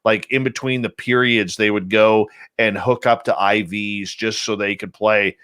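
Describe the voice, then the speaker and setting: A man hosting a radio roundtable, telling stories in an animated way with emphatic repeats. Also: on the low side, a little slow, clear, resonant tone, no echo. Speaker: radio show host. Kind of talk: casual roundtable chat.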